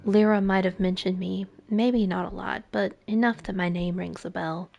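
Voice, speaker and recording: A woman voicing a calm, enigmatic female student at a magic school, composed and softly self-assured. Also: mid-range voice, normal speed, creaky, dull audio, soft background music, natural voice.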